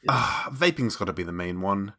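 A man's voice: on the low side, normal speed. A man co-hosting a podcast, chatting casually with swearing and jokes. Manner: sweary, joking, lively. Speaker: podcast co-host.

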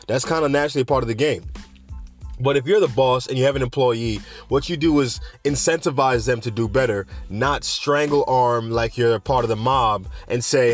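A man's voice: mid-range voice, moderate pace, faint music behind. A young man hosting a podcast, talking casually about the news in a rambling, conversational way with asides. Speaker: podcast host.

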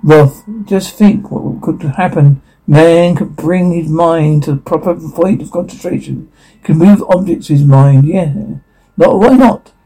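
A man's voice: on the high side, a little slow, dark tone, rough recording. A man voicing an intense young male teacher who is obsessed with the power of the mind, reading a radio play in an insistent, lecturing way.

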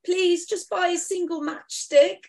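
A woman's voice: very high voice, fairly even intonation, a little mellow, voice pushed up. A woman voicing a poor Victorian street urchin girl who begs in a working-class lilt. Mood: pleading. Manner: begging, working-class lilt, slow drawn out.

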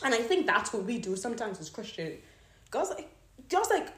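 A young woman telling a story in a casual devotional talk, animated and laughing as she goes. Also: a little high, normal speed, reverberant, background noise. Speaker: Christian vlogger.

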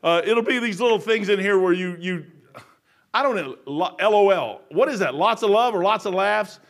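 An older man preaching a folksy sermon, telling stories and swinging from quiet muttering to loud, emphatic lines. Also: sits high, moderate pace.

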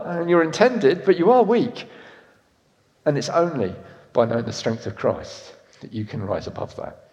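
A man in his fifties preaching a sermon, swinging from loud emphatic lines to soft, intimate ones. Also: a little high, very animated, normal speed, muffled recording. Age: 50s. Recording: echoey hall reverb.

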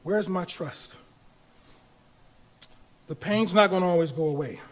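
A male pastor preaching a sermon, building from quiet talk to shouted appeals with laughter in between. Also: high-pitched, measured pace. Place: church.

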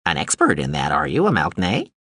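An irascible little war drone in an audiobook, as a male narrator puts it on, dropping into a low, flat, clinical register. It sounds husky and dry, as if stating facts no one asked for. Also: a little fast, dry recording, exaggerated voice. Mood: clinical, unbothered. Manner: cool, clinical, matter-of-fact. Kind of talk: audiobook character voice.

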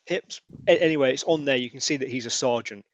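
A man's voice: mid-range voice, fast, no echo, dull audio. Guy running a tabletop game, lots of ums, dry close sound. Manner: hesitant, filler-heavy narration. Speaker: game master.

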